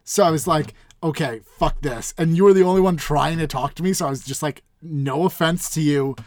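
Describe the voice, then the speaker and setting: A man's voice: a little high, a little fast, no room sound, studio quality. A young man co-hosting a casual podcast, talking frankly and swearing casually. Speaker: podcast co-host.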